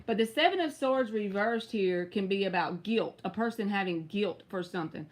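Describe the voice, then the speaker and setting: A woman's voice: medium pitch, animated, normal speed. A woman with a Southern US accent giving live tarot readings, chatty and direct, answering viewers by name. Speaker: tarot reader.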